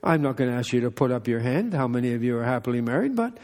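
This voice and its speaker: A man's voice: mid-range voice, animated, quick pace, darkish tone. An older man, a pastor giving a conversational sermon with folksy, joking asides. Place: church hall. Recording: echoey hall reverb.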